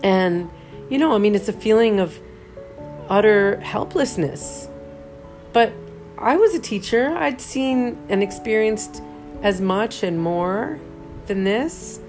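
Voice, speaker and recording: A woman's voice: mid-range voice, expressive, slow, darkish tone, soft background music. A middle-aged woman telling a personal story in a candid, reflective monologue, often restarting her sentences. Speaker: podcast host.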